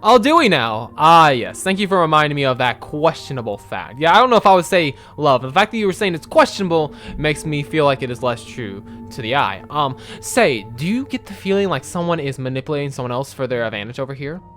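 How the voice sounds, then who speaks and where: A young man narrating his gameplay with loose, rambling energy and plenty of swearing. His voice is bright and sharp, and it leaps up and down in pitch. He sits a little above the usual male register. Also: brisk, few pauses, soft background music. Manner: animated, rambling, swears a lot. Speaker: gaming video creator. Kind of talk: casual let's-play commentary.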